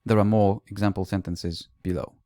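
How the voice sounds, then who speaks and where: At a language-teaching conference, a man with a fairly low voice explains things calmly at a moderate pace, sharing classroom stories with a few "uh" fillers. The audio is dry and close, without any room echo.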